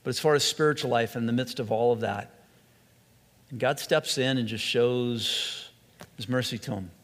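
A man preaching a sermon as a pastor, earnest, stretching key phrases slowly and often restarting his sentences. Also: mid-range voice. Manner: earnest, with slow emphatic phrases and frequent restarts. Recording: long hall reverb.

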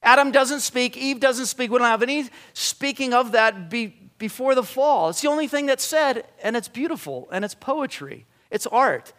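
Brief: high-voiced male pastor, lively conversational sermon delivery. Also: moderate pace, few pauses. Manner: animated, conversational preaching with restarts.

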